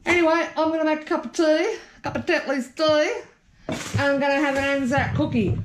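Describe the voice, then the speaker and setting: A woman's voice: high voice, a little slow, reverberant, a little hiss or hum. An Australian woman talking casually to an action camera as she shows around her home, blunt and chatty, with the odd swear. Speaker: vlogger.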